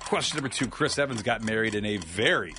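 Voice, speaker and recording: A man co-hosting a radio morning show, reading out trivia questions in an animated, joking way. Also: on the low side, slight background noise. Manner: animated, reads questions briskly and jokes between them. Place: radio studio. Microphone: studio mic.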